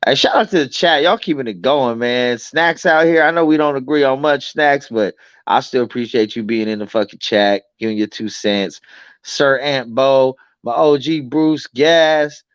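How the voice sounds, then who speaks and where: A man's voice: mid-range voice, moderate pace, smooth, dry recording, lo-fi sound. A man hosting a late-night livestream chat, blunt and profane, acting out both sides of his arguments. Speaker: livestream host.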